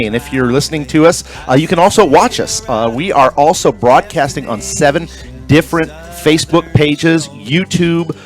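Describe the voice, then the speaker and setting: Chatty upbeat man hosting a live radio talk show. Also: medium pitch. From Florida Keys. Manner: chatty, jokey, upbeat promoter. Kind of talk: casual live broadcast chat.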